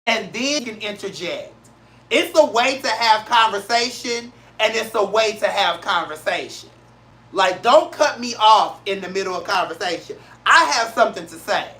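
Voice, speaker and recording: A show host from St. Louis rants in a casual, blunt way, hammering his points with repetition. His voice is bright and forward, his delivery emphatic and profane. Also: high-pitched, lively intonation, moderate pace. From St. Louis, Missouri, USA. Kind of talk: casual solo talk-show rant.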